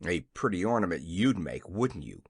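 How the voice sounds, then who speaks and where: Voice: medium pitch, big pitch swings, unhurried, no room sound, clean studio sound. An audiobook reader voicing a small, blustering gnome king who growls and is easily frightened. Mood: growling.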